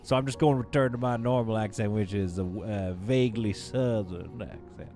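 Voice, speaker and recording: A man's voice: on the low side, brisk, warm tone, soft background music. A man with a somewhat Canadian accent, chatting playfully through a live gameplay stream and answering his chat as he goes. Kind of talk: casual live gameplay commentary.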